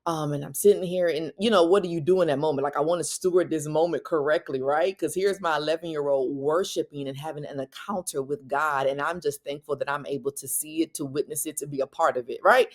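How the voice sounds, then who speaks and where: A woman, telling a personal faith story as a Christian parenting speaker, her voice jumping higher when she quotes people. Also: a little fast, few pauses. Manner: animated, rising pitch when quoting others.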